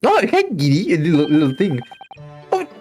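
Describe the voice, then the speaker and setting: A woman's voice: on the low side, huge pitch swings, normal speed, darkish tone, breathy edge, faint music behind. A young woman streamer chatting casually to her viewers while playing a game. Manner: chatty, talks to chat.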